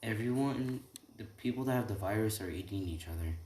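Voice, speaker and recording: A man voicing a scared teenage girl who is a hero in training, speaking in a halting, pleading way. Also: on the low side, darkish tone, lightly acted. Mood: frightened. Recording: echoey room, faint typing.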